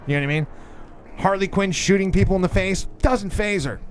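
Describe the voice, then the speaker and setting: A man in his thirties co-hosting a podcast in a studio, a lively storyteller who swears freely and acts out the voices in his stories. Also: high-pitched, a little fast. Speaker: podcast co-host. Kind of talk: casual chat.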